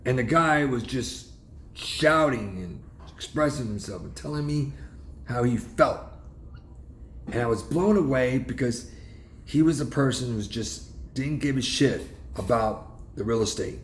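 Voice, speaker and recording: A man's voice: medium pitch, measured pace, reverberant, slight background noise. A man casually telling a story in a rambling, emphatic way, often restarting his sentences. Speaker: realtor vlogger.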